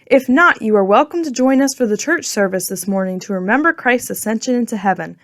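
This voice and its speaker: A woman voicing a kind, firm mother in a storybook reading, speaking gently and motherly. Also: on the high side, fairly quick, no room sound, studio quality. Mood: inviting. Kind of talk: storybook narration.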